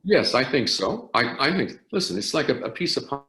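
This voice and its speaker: An older man, a conductor, recounts stories in an interview with animated, rising and falling intonation. He restarts phrases often as he talks. His voice carries a roomy echo. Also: medium pitch, a little fast. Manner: animated anecdote teller with frequent restarts. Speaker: orchestra conductor. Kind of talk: storytelling interview.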